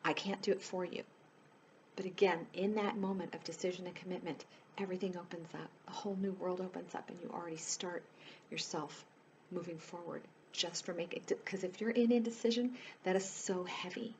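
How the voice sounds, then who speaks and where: A woman's voice: lowish voice, fairly even intonation, a little fast, a little hiss or hum. A woman life coach talking straight to her viewers in a casual, earnest way, pleading with them and leaning on "you know" as she goes. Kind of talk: casual direct-to-camera chat.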